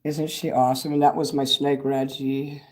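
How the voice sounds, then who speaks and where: A man's voice: mid-range voice, level tone, normal speed, a little mellow. An older man hosting a casual livestream, chatting in a meandering way, swearing freely and answering viewers' comments. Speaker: livestream host. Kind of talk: rambling livestream chat.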